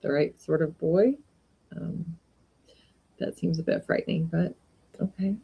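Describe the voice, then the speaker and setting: A woman reading a classic short story aloud in an unhurried way, with brief casual asides. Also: fairly low pitch, fairly even intonation, gravelly, slightly rough, highs cut off. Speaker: reader of short stories.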